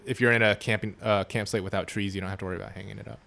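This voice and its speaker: A man's voice: fairly low pitch, steady tone, very fast, gravelly, pushed and bright. Chatty man laughing through casual talk. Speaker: podcast co-host. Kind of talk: casual group chat.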